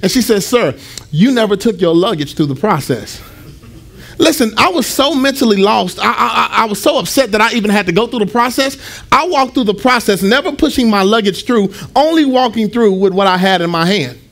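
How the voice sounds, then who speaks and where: A male pastor preaching a storytelling sermon, animated, acting out the dialogue in his story. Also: high-pitched, a little fast.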